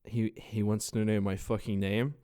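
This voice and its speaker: Young Australian man, casual vlogger, stuffed-up nose, slightly low voice, loose and profane delivery. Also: normal speed. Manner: swears a lot, rambling and animated. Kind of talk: casual storytelling vlog.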